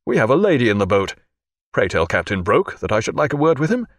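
A man voicing a composed, wry naval captain with crisp, dryly facetious speech, in an audiobook. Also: mid-range voice, very animated, quick pace, no echo, studio quality.

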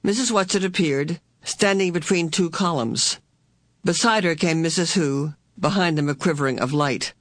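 A woman narrating an audiobook chapter in a steady, even storytelling voice. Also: sits low, moderate pace, no room sound. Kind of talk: scripted narration.

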